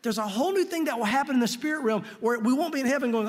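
A man teaches from the Bible in an earnest, emphatic sermon, often restarting his phrases in his enthusiasm. His voice sits high for a man. A long reverb trails behind each phrase. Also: racing. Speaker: pastor.

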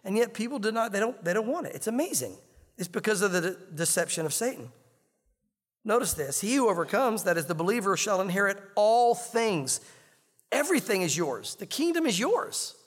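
A man preaching with a high voice that rings out with a long hall reverb behind it. He talks earnestly and plainly, restarting phrases as he reads and explains scripture. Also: animated, fairly quick. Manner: earnest, conversational preaching with repetitions. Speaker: pastor. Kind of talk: sermon.

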